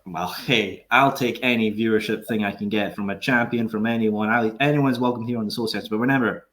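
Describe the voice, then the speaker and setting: A man's voice: lowish voice, steady tone, fairly quick, a bit bright. A man hosting a podcast over a video call, joking and trying to keep the peace. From Scotland. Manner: joking, laid-back, tries to keep the peace. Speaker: podcast host. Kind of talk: casual interview chat.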